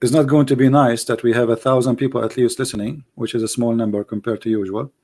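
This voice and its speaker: Hosting a live call-in debate stream, a man addresses callers and viewers in a hoarse, mellow, mid-range voice that stays steady and moves quickly. He's mocking and combative, repeating phrases for emphasis, and he's losing his voice and coughing.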